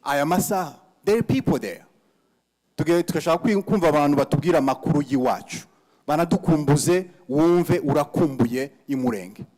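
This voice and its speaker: A man's voice: fairly high pitch, fairly quick, a little mellow. Emphatic man moderating a memorial gathering. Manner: emphatic, repeats key phrases; mixes Kinyarwanda, English and French.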